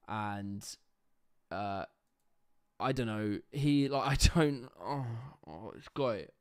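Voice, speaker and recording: A man's voice: lowish voice, expressive, takes it slowly, smooth. A young man hosting a livestream, ranting casually and sarcastically about clips, swearing freely. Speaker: livestream host reacting to clips.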